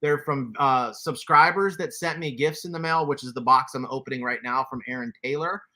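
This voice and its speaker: A man's voice: medium pitch, brisk, pushed and bright. Chatty man in his forties. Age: 40s. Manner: chatty, laughs often, reads chat aloud. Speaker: toy collector livestream host. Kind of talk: casual livestream chat.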